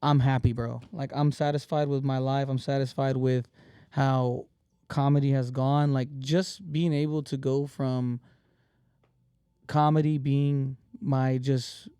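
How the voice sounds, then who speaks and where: A man's voice: mid-range voice, level tone, unhurried, warm tone, smooth, no room sound, studio quality. A man talking in a casual podcast chat as the guest comedian, earnest and rambling, calling people "bro" and "man".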